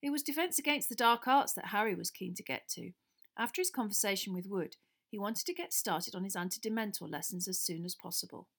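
A woman reading a children's fantasy novel aloud, in a steady, even narrating voice at a middling pitch. The delivery is calm and clear, the plain voice of a reader at home with the text. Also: a little fast. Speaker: audiobook reader. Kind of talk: storybook narration.

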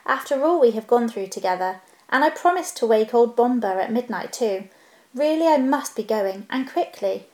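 A woman voicing a small, earnest male hobbit who talks with prim, businesslike courtesy and a slight squeak. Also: lively intonation, moderate pace, darkish tone, natural voice. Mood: polite, earnest. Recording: roomy echo.

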